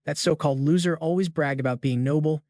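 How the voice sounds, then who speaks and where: A man's voice: a little high, fairly quick, darkish tone, no echo, clean studio sound, lightly acted. A man voicing a blunt, brash older uncle who blurts his questions.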